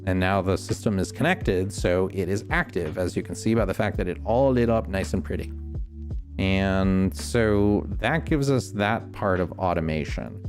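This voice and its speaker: Low-voiced guy casually walking through a game build, lots of ums, soft music behind. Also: moderate pace. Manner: thinking aloud, explaining step by step; relaxed, many ums and restarts. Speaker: streamer. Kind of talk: casual gameplay commentary.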